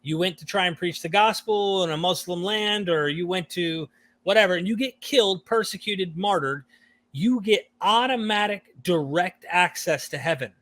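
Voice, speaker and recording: A man hosting a podcast, talking through ideas in a casual, thoughtful way, often hedging and then getting animated. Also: high-pitched, moderate pace, no echo. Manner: thoughtful, hedging, animated when quoting views. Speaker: podcast host. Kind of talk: casual discussion.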